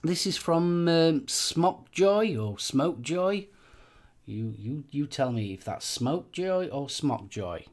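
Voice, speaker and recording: Chatty man with a lively voice. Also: mid-range voice, a little slow, hardly any pauses. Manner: chatty, rambling, with many fillers and repeated phrases. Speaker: host of a live vaping channel show. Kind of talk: casual live-stream chat.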